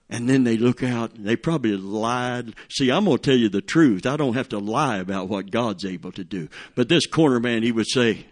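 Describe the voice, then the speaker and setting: A man's voice: medium pitch, expressive, moderate pace. A middle-aged male pastor preaching a sermon, telling stories and calling for amens from the congregation. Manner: preaching with call-and-response, storytelling, laughing asides.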